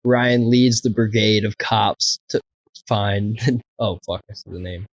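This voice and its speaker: A man's voice: on the low side, slow, no room sound, muffled recording. A man casually telling a wild anecdote, swearing often and laughing as he goes. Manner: profane, laughing, animated anecdote. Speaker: podcast co-host. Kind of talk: casual storytelling.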